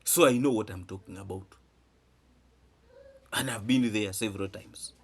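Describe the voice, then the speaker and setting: A man's voice: lowish voice, normal speed, husky. A man giving emphatic vlog commentary, repeating phrases and asking rhetorical questions. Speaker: vlogger. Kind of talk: animated commentary to camera.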